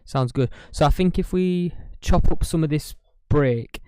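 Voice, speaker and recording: A man producing music live on stream, chatting casually and greeting viewers by name in a relaxed way. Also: a little high, moderate pace, clear, resonant tone, no echo, clean studio sound. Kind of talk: casual livestream chat.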